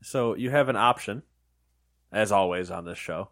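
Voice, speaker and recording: A man's voice: on the low side, normal speed, fairly bright tone. A man hosting a casual snack-tasting chat, laid-back and joking. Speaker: host.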